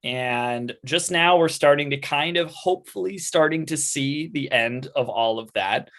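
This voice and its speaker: A man's voice: fairly high pitch, a little slow. A man hosting an online livestream, thanking the cast in a rambling, casual way over a video call. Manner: rambling, with fillers and restarts, warm thanks. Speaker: host and organizer of online live readings. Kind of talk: casual wrap-up chat on a livestream.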